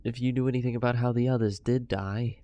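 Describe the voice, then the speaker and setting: A man playing a tabletop game in a quiet, polite voice. He speaks hesitantly and restarts his sentences. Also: mid-range voice, fairly even intonation, fast. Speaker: player. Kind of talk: casual tabletop play.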